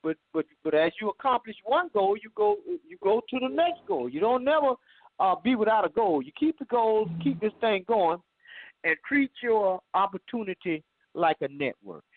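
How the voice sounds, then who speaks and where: Animated, high-voiced male host giving encouraging advice over a dry phone line. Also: moderate pace, creaky, no echo. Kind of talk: motivational call interview.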